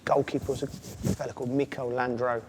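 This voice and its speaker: A man, a former footballer telling animated stories as an interview guest. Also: mid-range voice, fairly quick. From England. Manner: animated storyteller, does voices and laughs. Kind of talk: casual chat. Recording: long reverb, faint ambient noise.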